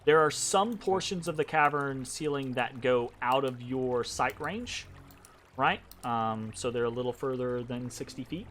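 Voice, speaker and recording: A man's voice: medium pitch, unhurried, fairly bright tone, slight background noise. A man narrating a tabletop game as game master, hesitant and full of ums and restarts.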